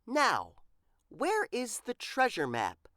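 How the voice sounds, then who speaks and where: A prim, cheerful librarian speaks firmly and precisely, as a woman storyteller plays her. Her voice lifts and dips with lively pitch. She speaks slowly, as in a picture book read aloud. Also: no echo, clean studio sound, heavily acted. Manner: firm, bright and precise.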